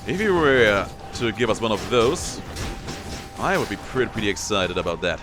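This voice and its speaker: A man's voice: on the low side, big pitch swings, moderate pace, over music. A young man giving casual commentary on his own gameplay, playfully taunting enemies as he goes. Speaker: gameplay streamer.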